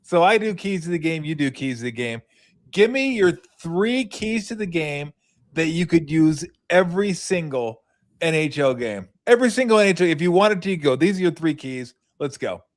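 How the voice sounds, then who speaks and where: A man hosting a sports talk show, asking a guest questions in a relaxed, casual chat. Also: a little high. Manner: relaxed, quick reactions, asks for quick picks.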